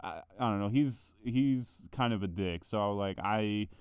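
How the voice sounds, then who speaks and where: A young man in casual chat as a podcast co-host, his voice smooth and recorded dry, with no room echo. He hesitates and leans heavily on filler words. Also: fairly low pitch, a little slow, a little mellow. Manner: filler-heavy, crude, hesitant.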